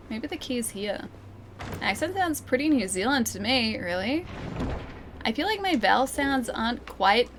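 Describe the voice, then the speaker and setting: A woman's voice: medium pitch, background noise. Giggly Australian woman streamer. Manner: chatty, giggly, talks to chat while playing. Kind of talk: let's play commentary.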